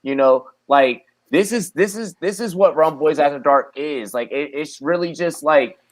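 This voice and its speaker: A man's voice: a little high, normal speed. A man hosting a casual podcast, talking in a heated, emphatic way with heavy swearing. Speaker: podcast host. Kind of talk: casual profane podcast chat.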